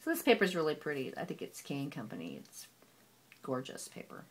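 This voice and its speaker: A woman casually walking through a handmade scrapbook album, chatty and gushing, with frequent "um" pauses. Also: sits low, huge pitch swings, slightly rough. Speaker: papercraft hobbyist.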